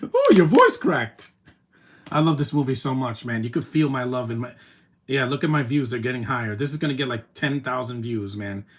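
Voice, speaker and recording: A man streaming his reaction to a movie, talking in an emotional, rambling way with many "man" tags and the odd loud taunt. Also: medium pitch, fairly quick. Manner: soft-spoken, with sudden loud taunting outbursts. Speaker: live streamer.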